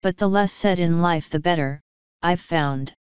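A woman's voice: lowish voice, measured pace, smooth, no echo, highs cut off, natural voice. A woman reading an audiobook, voicing a firm, efficient middle-aged secretary with a determined manner.

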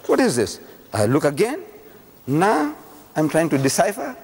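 An older man giving a religious public lecture, telling a story with lively teasing questions to the audience. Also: on the high side, measured pace, husky. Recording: long reverb of a lecture hall.

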